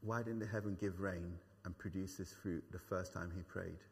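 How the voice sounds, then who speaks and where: A man's voice: low voice, fairly even intonation, normal speed, gravelly, slightly rough. A man preaching a sermon to his church, conversational and earnest, with frequent fillers and repeated phrases. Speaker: pastor. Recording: long reverb of a hall.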